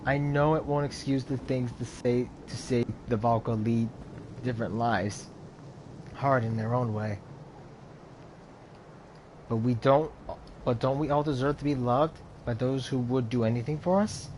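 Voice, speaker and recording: This let's player dramatically reads out a game's dialogue and narration, giving the characters their own voices and slipping in his own remarks. His mid-range voice is steady and unhurried, and he pauses often. Background noise is present.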